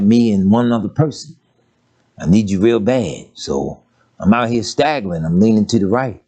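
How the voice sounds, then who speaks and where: An older man preaching a folksy, humorous sermon, telling stories and swinging from low murmurs to high exclamations. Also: dark tone. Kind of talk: sermon with storytelling.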